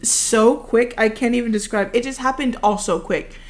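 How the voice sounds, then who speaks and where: A woman's voice: a little high, normal speed. A young woman telling a rambling, casual story over her gameplay footage, full of fillers, recorded at home. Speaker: video creator.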